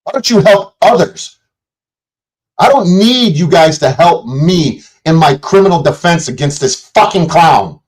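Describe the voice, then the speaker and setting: A man's voice: a little high, lively intonation, measured pace, rough recording. A man on a livestream, delivering an angry, profanity-laden rant aimed at commenters and critics. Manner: profane, combative, shouting at chat. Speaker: streamer. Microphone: streaming setup mic.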